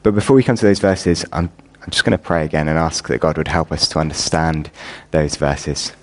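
A man's voice: extremely low pitch, steady tone, brisk. A man preaching in a church, praying and then explaining a passage, building to earnest emphasis on key lines. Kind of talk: sermon with prayer.

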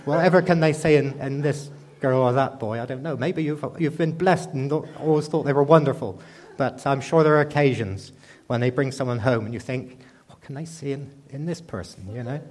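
A man's voice: mid-range voice, a little mellow. Guy giving a sermon, chatty, keeps asking "isn't it?" type questions. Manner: conversational, asks many rhetorical questions. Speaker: preacher.

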